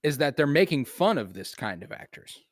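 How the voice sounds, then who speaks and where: A man's voice: a little high, very animated, moderate pace, no room sound, clean studio sound. A man co-hosting a podcast, talking casually about films, loose and profane with lots of fillers. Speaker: podcast co-host. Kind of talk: casual film chat.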